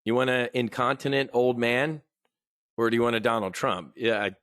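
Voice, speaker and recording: A middle-aged American man hosts a live trading stream, talking off the cuff in a rambling, opinionated way. He clears his throat often and restarts his sentences, with a mid-range voice in a dry, close room. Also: medium pitch, moderate pace, a bit bright, dry recording. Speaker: options trading host. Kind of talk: casual live market commentary.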